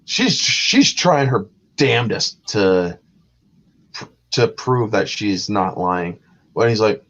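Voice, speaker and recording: Low-voiced man rambling about movies, lo-fi. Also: expressive, slow, fairly bright tone. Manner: rambling, acts out movie lines in retelling. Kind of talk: casual chat about movies. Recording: dull lo-fi sound.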